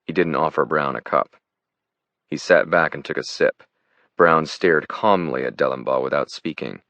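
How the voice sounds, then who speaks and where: A man narrating a political thriller audiobook in a steady, even delivery. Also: a bass voice, moderate pace, no echo, highs cut off.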